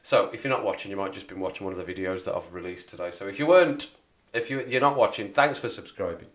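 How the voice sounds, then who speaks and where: Chatty West Midlands man, lowish voice. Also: fast talker, a bit bright. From Wolverhampton area, England. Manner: rambling, chatty, laughs often. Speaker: livestream host. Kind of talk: casual livestream chat.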